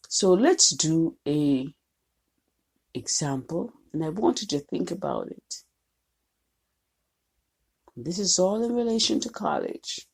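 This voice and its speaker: A woman's voice: on the low side, sing-song, slow pace, creaky, pauses often, breathy edge. A woman college instructor giving a recorded lecture, emphatic and posing questions to the class.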